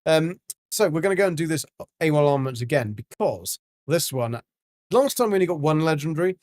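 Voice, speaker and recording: Chatty man, game streamer, rambling casual talk with a slightly high voice. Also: lively intonation, brisk, a little mellow, no echo, clean studio sound. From England, Devon. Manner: chatty, rambling, lots of ums. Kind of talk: casual livestream chat while gaming.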